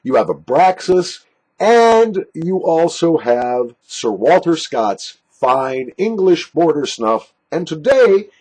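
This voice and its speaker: A man's voice: takes it slowly, slightly rough, low-quality recording. A man reviewing snuff in a casual, jokey, self-mocking monologue from a basement. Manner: jokey, self-mocking, lively pitch swings. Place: basement room.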